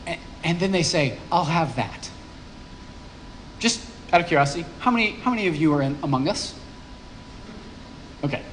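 Man, pastor, high voice, chatty sermon with playful asides, faint background hum. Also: animated, moderate pace, long pauses, a bit bright. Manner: conversational, playful asides to the congregation.

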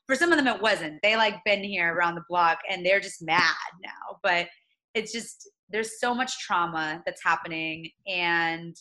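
Twenty-something woman in an interview, bright clear voice, earnest and reflective, lots of restarts. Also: medium pitch, low-quality recording. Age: 20s. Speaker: interview guest. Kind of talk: conversational interview.

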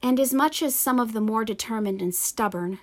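Woman pastor preaching a sermon. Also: a little high. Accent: Pennsylvania. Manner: measured, earnest preaching.

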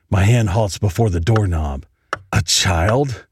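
A man reading a horror story aloud in a slow, dramatic, dread-filled way. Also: on the low side, husky, no echo. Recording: noisy home recording.

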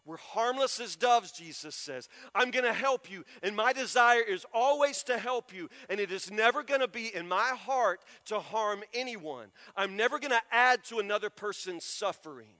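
A male pastor preaching a sermon in a church, emphatic and repeating key words, often dropping to soft, low stresses. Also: animated, normal speed, hardly any pauses. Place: church sanctuary. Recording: long reverb of a church hall.

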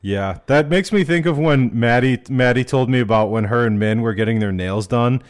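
Dude on a podcast laughing through his stories, normal pitch. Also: normal speed. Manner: laughing anecdotal storyteller. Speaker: podcast co-host. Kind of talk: casual chat.

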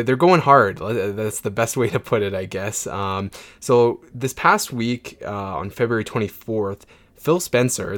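Male podcast host, young adult, lowish voice, easygoing chatty delivery. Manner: relaxed, filler-heavy, upbeat. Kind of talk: casual podcast chat.

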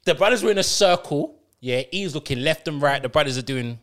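A man tells a story among friends on a podcast. His fairly high voice swoops widely as he acts out what people said, with plenty of slang. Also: fairly quick. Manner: animated, slangy, acts out quotes with big pitch jumps. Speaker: podcast co-host. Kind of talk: casual storytelling chat.

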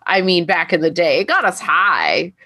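A woman telling a lively story in casual chat, often laughing. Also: lowish voice, normal speed, breathy edge, dry recording, clean studio sound.

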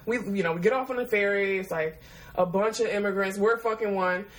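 A woman, telling a travel story in a casual, rambling way. She swears freely and laughs often. Her voice sits at a middle pitch for a woman. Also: a little fast, poor audio. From Detroit, USA.

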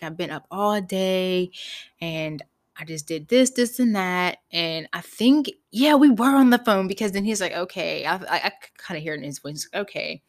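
A young woman hosting a podcast, telling a personal story in a candid, animated way, swearing freely. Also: on the low side. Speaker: podcast host. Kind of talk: casual storytelling.

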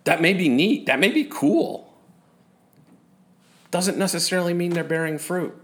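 A man's voice: on the high side, lively intonation, normal speed. Conversational man preaching a sermon. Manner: conversational, self-deprecating asides. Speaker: pastor.

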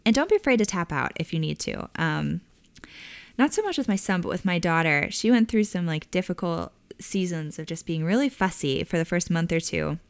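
Woman host, thirties, conversational and chatty; smooth, dry studio sound. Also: fairly low pitch, expressive, moderate pace, no echo. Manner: warm conversational with frequent fillers and laughs. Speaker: podcast host. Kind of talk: casual advice talk.

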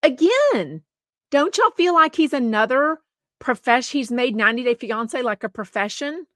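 A woman's voice: high voice, expressive, normal speed, a bit bright, no echo, clean studio sound. A woman co-hosting a show, chatting casually and rambling sympathetically as she reads viewer comments aloud. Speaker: co-host.

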